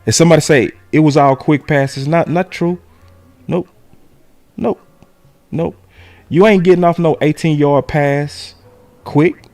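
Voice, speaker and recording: A man hosting a casual sports show, breaking down game film and shouting key words. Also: a little high, measured pace, pauses often, dry recording, faint music behind. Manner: animated, shouts key words, talks to his audience.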